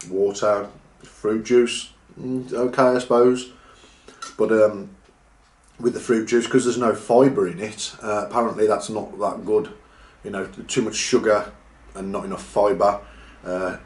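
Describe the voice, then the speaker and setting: A man's voice: fairly low pitch, a little mellow. A man chatting casually while eating, sometimes talking with his mouth full, for a mukbang video. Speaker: vlogger. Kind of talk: mukbang chat. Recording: echoey room.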